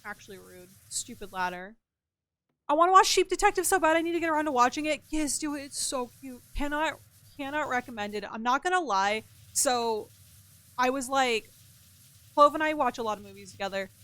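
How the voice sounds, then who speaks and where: A woman's voice: sits high, animated, a little fast, a bit bright, no room sound. A young woman streaming a game and chatting casually, talking freely, swearing, and answering her chat. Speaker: gaming streamer.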